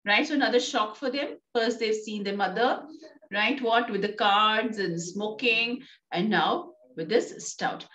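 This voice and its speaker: A woman's voice: mid-range voice, unhurried, a bit bright, dull audio. A woman with an Indian English accent, teaching an online English class, reading a play aloud and questioning her students. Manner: explains and questions students, reads lines aloud. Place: classroom or home, online lesson. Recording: echoey room, voice far from mic.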